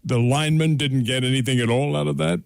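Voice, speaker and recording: A man with a gravelly voice hosts sports talk radio in a measured, wry manner. His voice is recorded close and dry in the studio, with no room sound. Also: medium pitch, fairly even intonation, dry recording. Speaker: radio show host. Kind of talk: casual sports radio chat.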